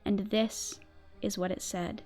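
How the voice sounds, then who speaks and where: Woman streamer, theatrical horror reading, mid-range voice, soft music behind her. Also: medium pitch, flat delivery, slow. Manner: tense, theatrical narration with swells of volume. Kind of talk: dramatic reading of a horror story.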